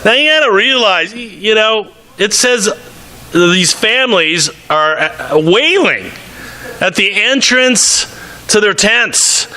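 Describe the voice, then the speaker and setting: High, bright-voiced male preacher. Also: slow. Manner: animated preaching, reads scripture aloud and acts out quotes. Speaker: pastor. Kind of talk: sermon.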